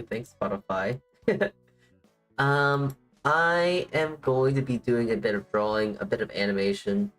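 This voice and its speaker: A man chats on a livestream in a loose, rambling way, leaning on "like" and poking fun at himself. His voice sits at an ordinary middle pitch. Faint music plays quietly behind him. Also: expressive, measured pace, low-quality recording. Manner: rambling, heavy on "like" fillers, self-deprecating. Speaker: VTuber streamer. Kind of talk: casual livestream chat. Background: faint music playing.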